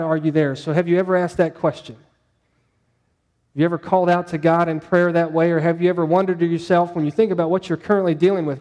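A man's voice: on the high side, darkish tone, long reverb tail. A male pastor preaching a sermon in a conversational way, putting questions to his congregation.

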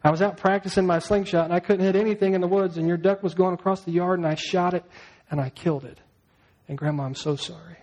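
A man's voice: high-pitched, level tone, fast, hardly any pauses, a little mellow, natural voice. A pastor voicing a young boy confessing in a rush to his grandmother in a sermon story. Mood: pleading, remorseful. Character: frightened remorseful young boy.

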